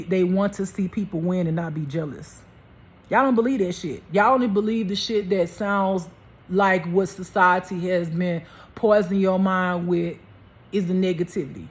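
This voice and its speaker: A woman's voice: medium pitch, slightly rough. A woman talking straight to camera in a heated, preachy monologue, repeating herself and addressing her viewers. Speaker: spiritual life coach vlogger.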